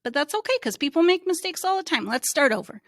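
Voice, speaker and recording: A woman who teaches reading, giving a slow, encouraging phonics lesson to young children and sounding out letters. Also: high voice, expressive, fairly bright tone, no echo, studio quality.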